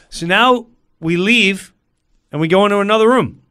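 A middle-aged man telling a story in a casual chat, animated and acting out every voice. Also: sits high, moderate pace, clean tone, dry recording, studio quality.

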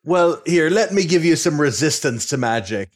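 A man's voice: a little high, animated, normal speed. A man playing a tabletop game, hesitant and thinking aloud. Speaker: player.

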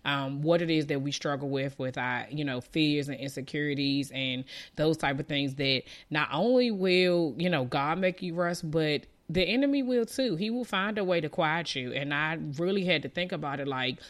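A woman's voice: low voice, moderate pace, hardly any pauses. Woman in her thirties, casual vlogger, rambling talk full of likes, voice still recovering after losing it, wind in the background. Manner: chatty and rambling, many likes and restarts. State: recovering from a lost voice. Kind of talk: casual chat to camera. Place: outdoors in the wind. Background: wind noise.

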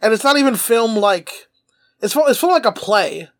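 A man's voice: high-pitched, animated, normal speed. A man co-hosting a podcast, talking in a loose, rambling way full of fillers and laughs. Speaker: podcast co-host. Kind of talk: casual chat.

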